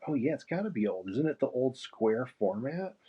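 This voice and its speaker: Casual male streamer, husky voice, muffled lo-fi mic, rambling chat. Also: medium pitch, sing-song, moderate pace. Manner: rambling, easygoing, laughs often. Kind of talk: casual chat while painting.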